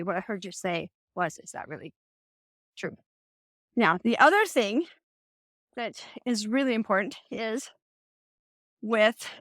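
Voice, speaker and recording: Middle-aged lady host, high voice, chatty storytelling, dry close sound. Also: no echo. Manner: chatty, animated storytelling with quoted dialogue. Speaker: podcast host. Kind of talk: casual advice monologue.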